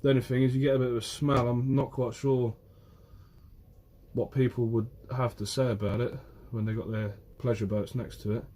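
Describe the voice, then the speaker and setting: Outdoors by the shore, a young Guernsey fisherman goes live on his phone, chatting easily and replying to viewers by name. He speaks at a normal speed in a mellow, medium-pitched voice with little pitch movement.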